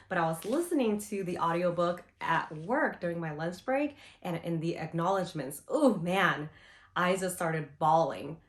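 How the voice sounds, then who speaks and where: A young woman chatting casually in a book review, gushing and rambling with lots of "you know" and "like". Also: fairly low pitch. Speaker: book vlogger. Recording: roomy echo.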